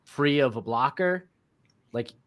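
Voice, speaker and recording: A young man co-hosting a casual chat, halting and full of restarts. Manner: halting, restarts a lot, lively swings in pitch. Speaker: co-host.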